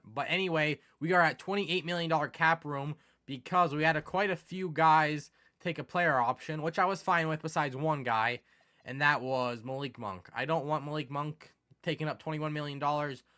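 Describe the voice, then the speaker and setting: A young man giving casual commentary over a sports video game, excitable and quick to turn exasperated. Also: fairly high pitch. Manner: excitable, swings from mumbling to exasperated yelling. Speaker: gaming commentator.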